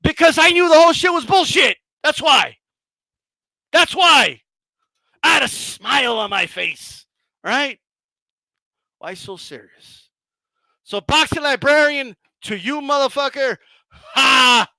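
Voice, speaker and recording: A man hosting a boxing channel, gloating and mocking his critics in a heated rant, swearing often and shouting at times. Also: very high-pitched, expressive, slow pace, long pauses, no room sound. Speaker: boxing commentator and channel host.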